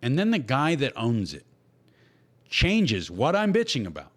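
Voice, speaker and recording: A man's voice: mid-range voice, huge pitch swings, unhurried. A man talking bluntly on a casual podcast, heated and swearing constantly. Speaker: podcast host. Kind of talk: casual profane podcast talk.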